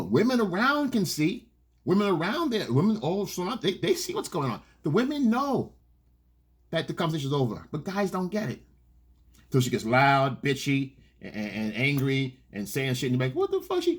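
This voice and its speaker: Husky man, blunt dating coach. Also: medium pitch. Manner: blunt, profane, repeats points, acts out quoted lines. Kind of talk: unscripted coaching monologue.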